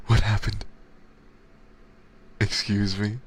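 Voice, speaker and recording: A man's voice: lowish voice, level tone, extremely slow, slightly rough. A man hosting a livestream in whispered ASMR chat, whispering, swearing casually and talking to his chat. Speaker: livestream host.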